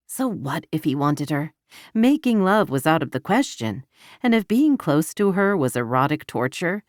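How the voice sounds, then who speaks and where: Brief: female audiobook narrator, low voice, dry close studio sound, even intimate delivery. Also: dry recording. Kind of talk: scripted romance narration.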